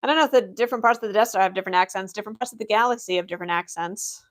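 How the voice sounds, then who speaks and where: Young adult woman, livestream Q&A, in-character office clerk, deadpan, matter-of-fact, medium pitch. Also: rapid-fire. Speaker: livestreamer playing an Imperial office worker.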